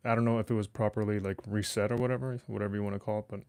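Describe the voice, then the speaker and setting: Low-voiced guy hosting a home podcast, loose and profane, dry close mic. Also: little pitch movement, very fast, darkish tone, no echo. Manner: rambling, swears freely, talks to chat. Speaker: podcast host. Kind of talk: casual solo livestream chat. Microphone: desk microphone.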